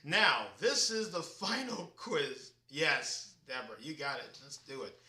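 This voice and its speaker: Far from the mic in an echoey room, a man with a drawl hosts a casual live-stream quiz. His voice is a little high, a little slow, pushed and bright, and he chattily reads out viewers' names, answers and comments.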